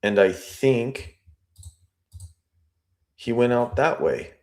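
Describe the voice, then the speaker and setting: A man analyzing an interview transcript, reading lines aloud and musing over them deliberately. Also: medium pitch, lively intonation. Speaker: statement analyst.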